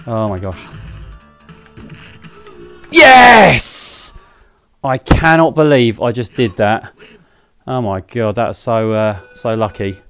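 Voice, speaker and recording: A man's voice: on the low side, unhurried, smooth, faint music behind. Chatty self-mocking man gaming. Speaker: gaming channel host. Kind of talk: casual gameplay commentary.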